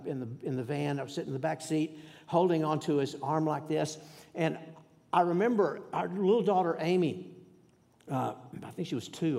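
A male pastor telling a personal story in a sermon, in a folksy, halting way with many restarts, and dropping to a hush for prayers. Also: fairly high pitch, creaky. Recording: long hall reverb.

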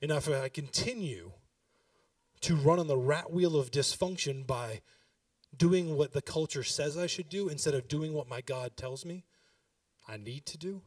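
A man's voice: a little high, measured pace, no echo, studio quality, distant mic. A pastor in his thirties giving a sermon, talking with the congregation and building to emphatic exhortation.

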